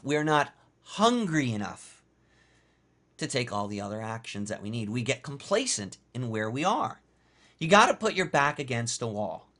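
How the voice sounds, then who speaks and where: A man's voice: mid-range voice, a bit bright. A man teaching a motivational course, speaking emphatically and repeating key phrases. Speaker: course instructor. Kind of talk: motivational lecture.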